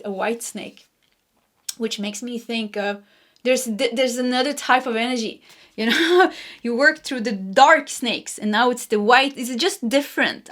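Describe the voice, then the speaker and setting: Chatty woman doing a tarot reading. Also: fairly high pitch. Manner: warm, chatty, laughs often, many fillers. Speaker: tarot reader. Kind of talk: casual spoken tarot reading.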